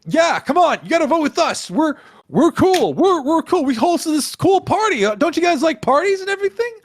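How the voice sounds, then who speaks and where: A man's voice: very high voice, very animated, brisk, no echo, voice pushed up. A man voicing a smug male party host who wheedles for votes. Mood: wheedling. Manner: eager, wheedling.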